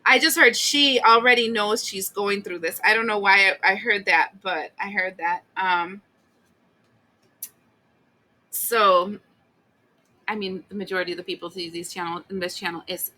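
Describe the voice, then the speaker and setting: A woman giving a casual tarot reading, blunt and animated, swearing and acting out the listener's complaints. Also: medium pitch, moderate pace, long pauses. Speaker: tarot reader.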